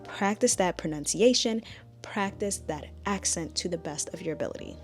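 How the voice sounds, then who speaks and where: Chatty woman tutor, lowish voice. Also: lively intonation, normal speed, soft background music. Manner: chatty, direct, coaching the viewer. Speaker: language tutor. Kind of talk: casual spoken tutorial.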